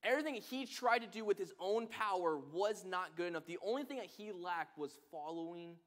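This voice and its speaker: A man's voice: sits high, lively intonation, brisk, a bit bright. A man preaching a sermon, reading scripture and telling stories earnestly.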